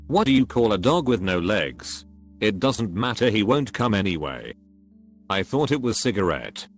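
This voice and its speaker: A man with a fairly low voice narrates a string of jokes in a scripted read. His pitch swings up and down, lively rather than flat. Soft music sits faintly under him. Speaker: narrator of a reddit joke compilation.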